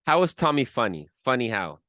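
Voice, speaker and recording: A man's voice: medium pitch, big pitch swings, brisk, fairly bright tone. A man hosting a podcast in casual chat, teasing and quizzing his co-host with amused questions.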